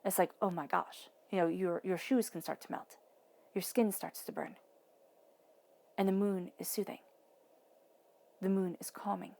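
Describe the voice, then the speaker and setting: A woman giving a tarot reading, soothing, sometimes dropping to a soft whisper, with playful asides. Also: fairly low pitch, fairly even intonation, moderate pace, long pauses. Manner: playful asides, acts out voices in quotes. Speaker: tarot reader. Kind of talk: intuitive tarot reading monologue.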